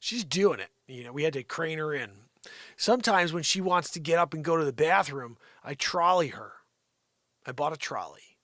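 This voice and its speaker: A man hosting a live comedy stream, rambling and teasing an unseen sidekick with a steady stream of "you know.". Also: a little high, moderate pace, no room sound, studio quality. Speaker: livestream comedy host. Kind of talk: improvised comedic rant.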